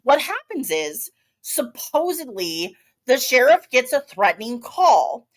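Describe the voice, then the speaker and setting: A woman's voice: high voice, sing-song, slow. A woman co-hosting a podcast, telling a story in casual chat with many asides and restarts. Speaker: podcast co-host.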